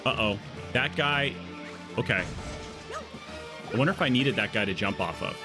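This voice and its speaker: A man's voice: medium pitch, moderate pace. Guy streaming a game live, goofy rambling chat, earbud mic, faint music behind. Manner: rambling, joking, goes off on tangents. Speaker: livestream gaming host. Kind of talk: casual live gameplay chat.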